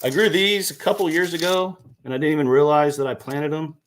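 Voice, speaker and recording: A man's voice: a little high, steady tone, fairly quick, slight background noise. Chatty man hosting a live stream. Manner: chatty, answers viewer questions, self-correcting. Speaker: gardening channel host. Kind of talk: casual live-stream chat. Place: indoors by a seed box.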